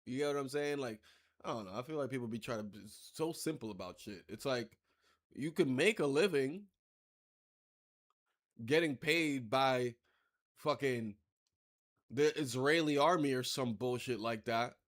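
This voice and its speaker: A man's voice: medium pitch, measured pace, pauses often. A man giving casual, rambling let's-play commentary, swearing freely and turning sarcastic as he reacts to the story. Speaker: gameplay commentator.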